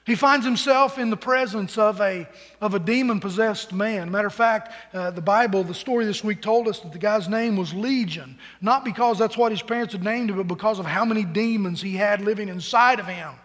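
A man's voice: high voice, a little fast, fairly bright tone, big-room sound. A man preaching a sermon to his congregation in a conversational way, often repeating words as he starts a phrase. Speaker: pastor. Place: church sanctuary.

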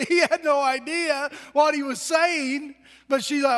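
A middle-aged male pastor with a notably high voice preaches in a conversational, storytelling way. He often turns to the congregation with questions. His words ring out with the long reverb of a church hall. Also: steady tone, takes it slowly, a bit bright. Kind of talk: sermon. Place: church sanctuary.

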